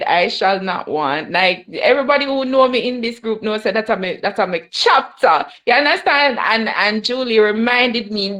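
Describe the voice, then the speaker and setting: Young jamaican woman telling her story at bible study, patois mixed in, bit high voice. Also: a bit bright. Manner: mixes Jamaican patois with English, laughs often. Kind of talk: emotional personal testimony.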